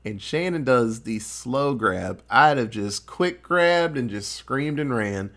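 Animated, lively-voiced man recapping a movie. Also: medium pitch. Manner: animated, profane, acts out characters' lines in quick voices. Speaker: podcast co-host recapping a film. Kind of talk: casual chat.

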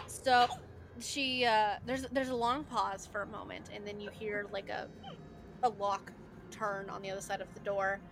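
A woman's voice: mid-range voice, a bit bright. A woman narrating a tabletop game as game master, in a chatty, filler-heavy way.

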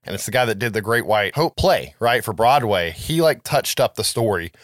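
A man's voice: on the low side, lively intonation, moderate pace, no room sound, clean studio sound. A man co-hosting a podcast in casual chat, rambling with lots of fillers and swearing freely. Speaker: podcast co-host.

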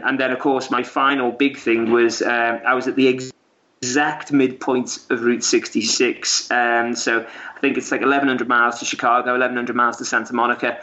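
A man's voice: medium pitch, a bit bright. A man, a guest, telling a story in a casual, rambling way with lots of fillers and restarts. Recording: dull lo-fi audio.

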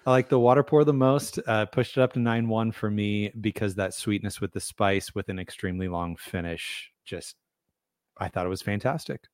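A man co-hosting a whiskey tasting podcast, easygoing and hesitant, with plenty of ums and quick laughs. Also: on the low side, fairly even intonation, darkish tone, smooth, no echo, studio quality. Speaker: podcast co-host. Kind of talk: casual whiskey tasting chat.

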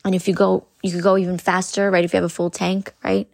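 A woman's voice: lowish voice, little pitch movement, fast talker, creaky, no room sound, studio quality. A woman podcast host giving an earnest spiritual coaching talk, repeating phrases and speaking directly to her listeners.

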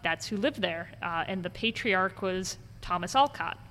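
Animated woman telling ghost stories. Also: lowish voice, moderate pace. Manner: animated storyteller acting out quoted voices. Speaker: ghost tour guide. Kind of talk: conversational storytelling interview. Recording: long reverb with faint background noise.

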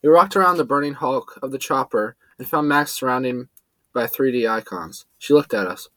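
A man's voice: moderate pace, dry recording, poor audio. A man narrating a first-person adventure story, lifting his voice for the characters' lines. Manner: lively, shifts pitch up for quoted characters.

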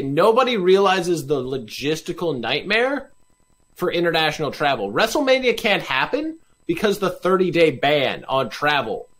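A man's voice: fairly high pitch, sing-song, moderate pace, fairly bright tone. A tired young man co-hosting a casual chat, weary and glum, swearing often. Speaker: podcast co-host.

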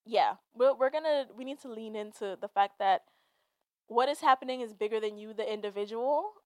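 A woman's voice: on the high side, brisk, dry recording. A woman hosting a solo podcast, talking in a casual, chatty rant full of "like"s. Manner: chatty and animated, many "like"s and frequent laughs. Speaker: podcast host.

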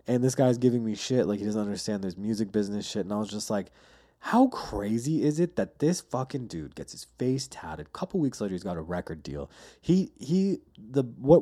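Male podcast host, loose profane storyteller, low-ish warm tone. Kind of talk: casual solo podcast monologue.

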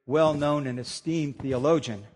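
A pastor reading a children's rhyming book aloud during a sermon, with playful, expressive storytelling. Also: male voice, on the high side, measured pace. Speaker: senior pastor. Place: church. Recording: long church reverb.

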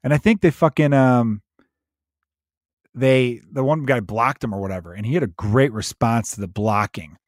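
A man's voice: medium pitch, normal speed, no echo. Comedian guy ranting on his podcast, swears a lot, goes off on tangents, dead dry sound. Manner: profane, ranty, digressive.

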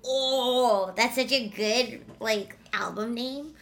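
A woman's voice: a little high, takes it slowly, fairly bright tone. A woman co-hosting a casual podcast chat, playful and teasing, laughing often. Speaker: podcast co-host.

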